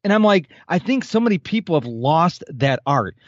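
A man's voice: on the high side, very animated, moderate pace, dry recording, highs cut off. A man in his fifties, a podcast guest, talking animatedly in a casual interview and acting out the people he quotes. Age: 50s.

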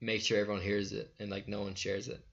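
A man's voice: fairly low pitch, level tone, fast, a bit bright, dull audio. A man chatting casually, rambling with lots of fillers and easy laughter. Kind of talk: casual chat.

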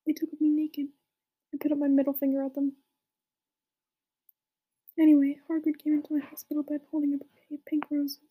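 A woman reads aloud in a comic, mock-serious way, breaking off for dry asides. Her voice sits high but stays level, hardly rising or falling, and its tone is soft and mellow. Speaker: reader. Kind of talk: comic dramatic reading.

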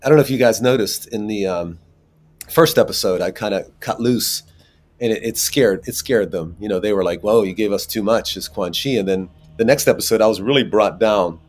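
A man's voice: fairly low pitch, brisk. A man, an actor, talking casually in an interview, rambling with many restarts and fillers. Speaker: actor guest.

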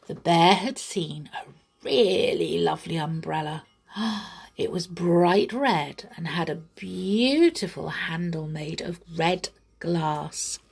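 A woman reading a children's story aloud, telling it gently and sometimes dropping into soft whispers. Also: on the low side, lively intonation, slow pace, creaky, breathy edge.

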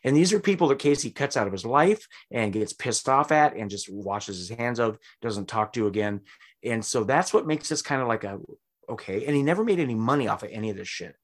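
Man, podcast host, casual storytelling, animated, mid-pitched voice. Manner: animated, acts out quotes with big voices.

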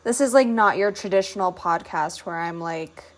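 A young woman hosting a loose solo podcast from her bedroom at night, chatty and rambling with lots of fillers, relaxed and drowsy as she lies down. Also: on the low side, normal speed, noisy background. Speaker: podcast host. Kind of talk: unstructured solo podcast chat.

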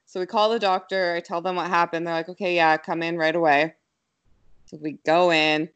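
Young woman, slightly low voice, brisk animated storyteller, filler-heavy casual chat. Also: clean tone, highs cut off. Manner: quick, animated, lots of fillers.

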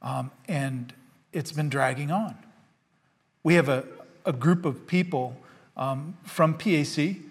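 A man's voice: fairly high pitch, breathy edge. A male pastor giving a sermon, earnest and conversational, rising to fervor when he reads scripture. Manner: conversational with fillers and repetitions. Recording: long hall reverb.

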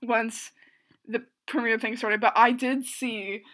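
A woman talking casually in a rambling, gushing way, full of fillers and restarts, sometimes bursting out loud. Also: on the high side, takes it slowly. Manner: excitable, swings into loud outbursts. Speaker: reaction show host. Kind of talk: casual film reaction monologue.

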